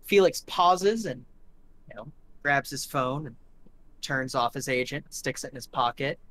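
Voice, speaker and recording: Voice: medium pitch, animated, measured pace, fairly bright tone, a little hiss or hum. A game master narrating a tabletop game in a casual, rambling way, full of fillers and swearing.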